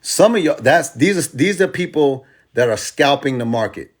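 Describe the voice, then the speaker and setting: A man's voice: medium pitch, expressive, normal speed, slight background noise. A man teaching crypto trading in casual, emphatic, repetitive speech, using slang and selling his course. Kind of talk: casual teaching demo with music.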